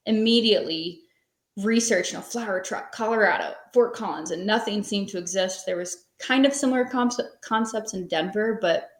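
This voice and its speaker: A woman in her thirties talks through her story as a podcast guest. She rambles in a relaxed, conversational way and leans on plenty of fillers. Her voice sits at a middling pitch, and the room around her is echoey. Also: normal speed. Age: 30s. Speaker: podcast guest, small business owner. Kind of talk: casual interview storytelling.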